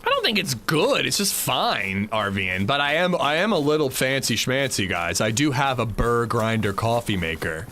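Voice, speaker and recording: Lively bright-voiced male game streamer. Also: mid-range voice, normal speed, few pauses, slight background noise. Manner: joking, chatty, answers chat aloud. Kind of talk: casual livestream chat while gaming.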